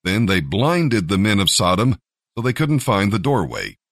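A man narrating a scripture story with expressive storytelling. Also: fairly low pitch, moderate pace, no echo, studio quality. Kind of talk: scripture reading.

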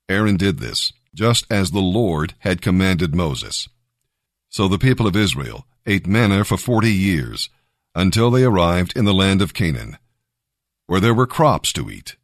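A man narrating a scripted devotional Bible reading, measured and emphatic. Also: low voice, very animated, dry recording, studio quality.

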